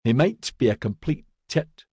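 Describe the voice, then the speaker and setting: A man's voice: mid-range voice, lively intonation, moderate pace, darkish tone, slightly rough, no room sound, studio quality, pitched above the performer's own voice. A man voicing a cheeky, battered young constable with a wry, teasing manner.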